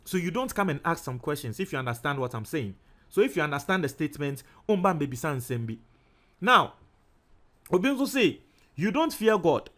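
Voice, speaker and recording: A young man with a Ghanaian accent talks through the news in lively commentary. His voice sits high and swings widely in pitch. He keeps explaining his points and coming back to them to make them clear. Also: a little fast. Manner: animated, explaining and repeating points. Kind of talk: commentary mixing Twi and English.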